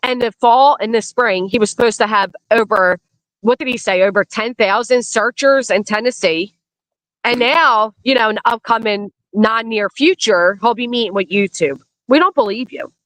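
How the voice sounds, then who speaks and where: A woman's voice: on the high side, moderate pace, a bit bright, no room sound, poor audio. A woman from Pennsylvania giving blunt, emphatic commentary on a casual live stream. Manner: blunt, emphatic, repeats warnings.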